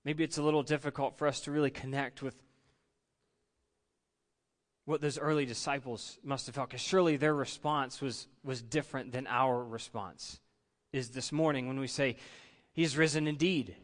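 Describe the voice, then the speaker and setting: A man's voice: medium pitch, steady tone, normal speed. A man preaching an Easter sermon in a conversational way, often repeating words as he searches for the phrase. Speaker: pastor. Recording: long hall reverb.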